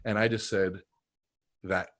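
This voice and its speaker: A middle-aged man coaching salespeople in a live online training session, telling stories with big swings between loud bursts and quiet, emotional moments. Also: low-pitched, flat delivery, slow pace.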